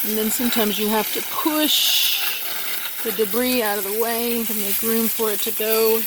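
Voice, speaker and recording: A woman's voice: a little high, fairly even intonation, moderate pace, heavy background noise. Chatty woman vlogging her chores. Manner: chatty, coos baby talk to her dogs. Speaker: dog breeder. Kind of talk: casual vlog chat while doing chores. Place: outdoor dog yard.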